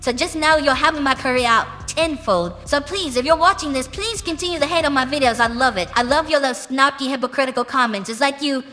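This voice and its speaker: A British woman musician gives a casual interview, answering brashly and with plenty of swearing in a high, bright, pushed voice. She stretches out phrases for emphasis, and the room is reverberant with music playing behind her.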